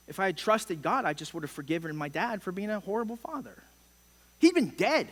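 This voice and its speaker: A man's voice: high voice, a bit bright. A middle-aged man preaching a sermon as pastor, impassioned and emphatic, with sudden swells and drops in force. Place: church sanctuary. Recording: long church hall reverb.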